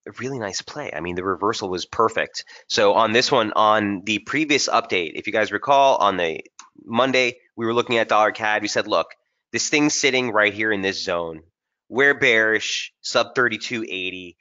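Bright-voiced man walking through trading charts. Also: on the low side, moderate pace, dull audio. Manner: casual and energetic, talks straight to viewers as "guys". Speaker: technical strategist hosting a trading webinar. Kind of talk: live market analysis over charts.

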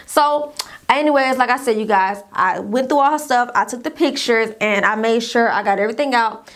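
A young woman telling a casual story-time tale, acting out what other people said in an animated way. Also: high voice, a little fast.

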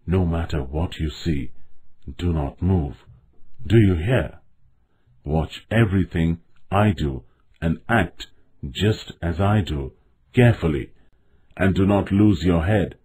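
A man voicing an old, wise royal stag who speaks in a calm, commanding, grave way. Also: low voice, slow pace, breathy edge, exaggerated voice. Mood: hushed.

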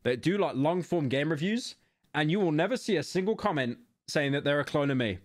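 A man's voice: on the high side, lively intonation, fairly quick, dry recording, studio quality. A young British man streaming a game, talking casually to his chat with sarcasm and frequent swearing. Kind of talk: casual gaming commentary.

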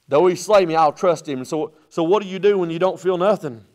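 A male pastor, preaching a sermon from the pulpit. He builds to loud, rising bursts, then drops low and quiet. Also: brisk, hardly any pauses. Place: church sanctuary at the pulpit.

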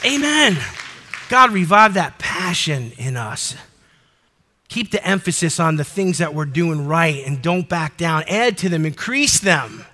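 A middle-aged male pastor preaching a fervent sermon to his congregation in a church, breaking into shouted exhortations. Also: fairly high pitch, sing-song, unhurried, a faint crowd. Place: church sanctuary before a congregation.

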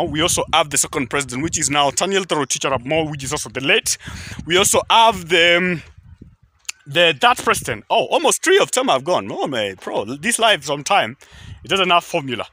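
A man's voice: on the high side, sharp tone, no room sound. A man from Kenya with a Kenyan accent, English not his first language, chatting to camera outdoors in a rambling way with many fillers and restarts. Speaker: YouTube vlogger. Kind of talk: casual chat to camera. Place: outdoors near a highway.

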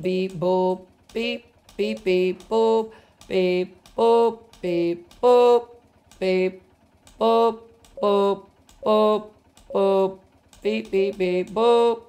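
A woman streamer chatting casually while gaming, excitable, swearing freely and gushing thanks to her viewers. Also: mid-range voice, slight background noise. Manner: excitable, swears a lot, gushes over viewers. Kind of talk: casual game livestream chatter.

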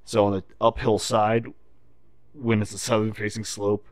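A man's voice: lowish voice, flat delivery, normal speed, a little mellow, no room sound. A man in casual podcast chat, telling a profane story and explaining tree felling in technical detail. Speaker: podcast guest.

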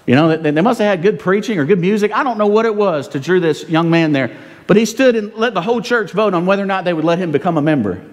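Male pastor preaching; animated, chatty delivery with tag questions, echoing through a sanctuary. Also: sits high, fast talker. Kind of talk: sermon. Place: church sanctuary. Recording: long reverb in a church.

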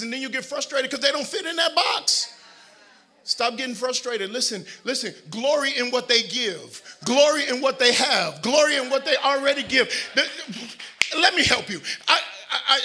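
A middle-aged pastor with a strikingly bright, piercing voice pitched high for a man, preaching in a church. He moves between shouted, nearly sung declarations and soft, joking asides to the people in front of him. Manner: animated preaching, swings from shouting to quiet asides, joking with the congregation. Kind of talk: sermon. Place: church sanctuary.

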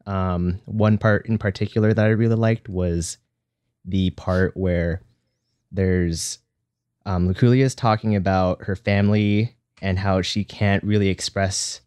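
Deep-voiced man, dry close sound. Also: a little mellow, clean tone, dry recording. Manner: thoughtful, halting, repeats words. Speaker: podcast co-host. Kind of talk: casual podcast chat.

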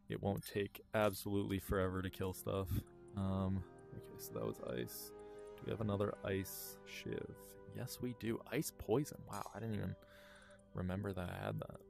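Rambling gravelly-voiced man playing a VR game. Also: sits low, a little mellow. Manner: rambling, many ums, chuckles often. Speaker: gaming YouTuber. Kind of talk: casual VR gameplay commentary. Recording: faint game music underneath.

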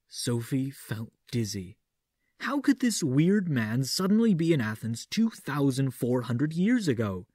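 Audiobook narrator: man, dark mellow voice, theatrical and measured, dry close mic. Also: medium pitch, big pitch swings, no room sound. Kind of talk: audiobook reading doing a Vincent Price impression.

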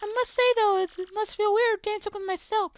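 A woman doing a gentle young princess with a very high, bright, sweet voice. She speaks dreamily in a video game dub. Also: fairly even intonation, fairly quick, no room sound. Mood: flustered.

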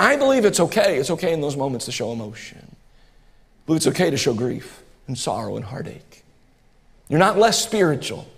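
Pastor guy in his 40s preaching, high voice, long church echo, keeps repeating himself then gets fired up. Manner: earnest, repeats phrases, rises to impassioned bursts. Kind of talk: sermon. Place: church sanctuary. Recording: reverberant church hall.

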